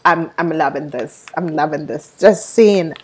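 A woman's voice: deep voice, measured pace, husky. A woman reviewing a tarot deck on her channel, gushing and rambling with many fillers and tangents. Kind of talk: unboxing review vlog.

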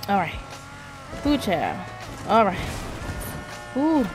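A woman streaming a shooter game, reacting with loud cries to the Lord and rapid repeated words. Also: mid-range voice, faint music behind. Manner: excitable, exclaims to the Lord and Jesus, repeats words fast. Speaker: gaming channel host. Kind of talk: live gameplay commentary.

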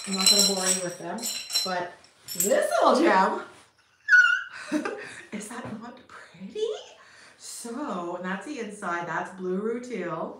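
A woman's voice: mid-range voice, a bit bright. A middle-aged woman from Canada, chatting casually and upbeat on a livestream, laughing often and talking to her viewers. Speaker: potter streaming live. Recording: echoey room with faint noise.

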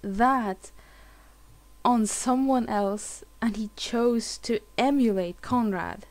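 A woman's voice: fairly high pitch, takes it slowly. A woman hosting a let's play, giving emotional game commentary with swearing and lots of restarts.

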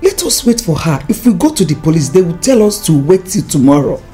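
A woman's voice: lowish voice, big pitch swings, brisk, warm tone, soft background music. An actress playing a firm, dismissive woman friend.

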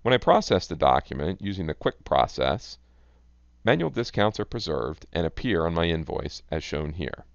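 Low gravelly guy reading a software demo script, dry dull lo-fi sound. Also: sing-song, normal speed, no echo. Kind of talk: scripted product demo narration.

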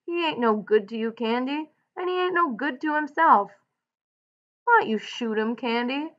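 A woman reading the part of a blunt, gruff male ranch hand in a folksy drawl, on a dull lo-fi recording. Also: high-pitched, expressive, normal speed, a bit bright, pitched above the performer's own voice. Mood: insistent.

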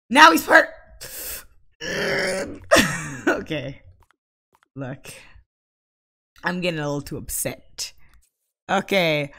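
A woman's voice: mid-range voice, very slow, gravelly, long pauses, a bit bright. A woman giving let's play commentary, scolding her game characters aloud in exasperation. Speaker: gaming channel host.

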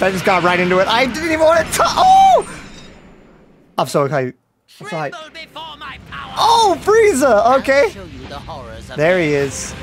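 A YouTube gaming host reacting live to a game trailer, gasping and repeating excited exclamations nonstop. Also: medium pitch.

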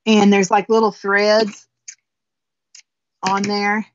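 In lo-fi audio with slight background noise, a woman with a southern Indiana accent chats casually and folksily while demonstrating a finishing technique step by step as a guest crafter. Her medium-pitched voice is level in tone and unhurried.

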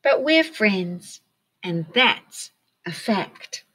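A woman voicing a sweet, eager young female fruit bat in a read-aloud picture book, with a bright, excited and kind manner. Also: high-pitched, slow, voice pushed up, exaggerated voice. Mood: gentle.

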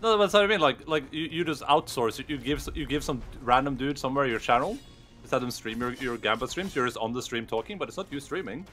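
A man in casual chat, asking quick questions and stammering over restarts. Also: medium pitch, animated, a bit bright, soft background music.

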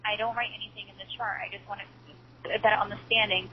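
A woman's voice: medium pitch, level tone, quick pace. A woman working as a dental receptionist, polite and persistent on a phone call. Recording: muffled phone line with noise.

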